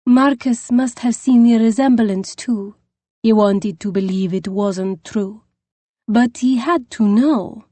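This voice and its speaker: A woman's voice: on the high side, slow, dark tone, dry recording. A woman voicing a rolling-accented dowager. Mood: tender. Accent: foreign, rolling. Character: emotional foreign-born dowager mother.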